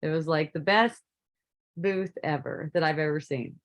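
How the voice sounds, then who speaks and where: A woman casually telling a personal story, relaxed and rambling, laughing often. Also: deep voice, moderate pace, poor audio. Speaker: spiritual teacher.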